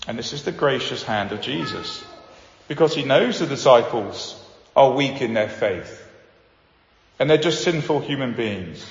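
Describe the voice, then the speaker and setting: A man preaching a sermon, animated and acting out the voices of the people he quotes. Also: medium pitch, measured pace. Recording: echoey hall, dull sound.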